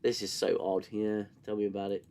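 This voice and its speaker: A man's voice: on the low side, flat delivery, a little fast, gravelly, darkish tone, smooth. Coughing sarcastic man reviewing. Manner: sarcastic, swears, reads chat and mocks scenes. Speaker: host reviewing a TV show. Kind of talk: casual live-stream commentary.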